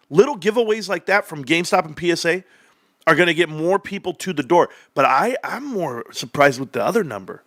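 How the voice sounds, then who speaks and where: A young man hosting a livestream, talking straight to his viewers in an animated, sarcastic rant. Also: medium pitch, dry recording, clean studio sound. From California, United States. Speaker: livestream host. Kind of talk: casual stock-talk livestream rant.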